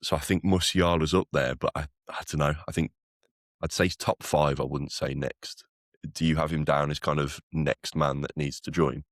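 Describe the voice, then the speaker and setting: A man's voice: a bass voice, fairly even intonation, moderate pace, no echo, clean studio sound. A man co-hosting a podcast, talking football in a casual, rambling way with lots of fillers and restarts. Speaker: podcast co-host.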